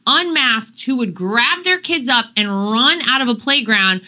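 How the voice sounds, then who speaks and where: A woman's voice: on the high side, expressive, unhurried, pushed and bright, highs cut off. A woman hosting a casual panel talk show, chatty and incredulous, often trailing off.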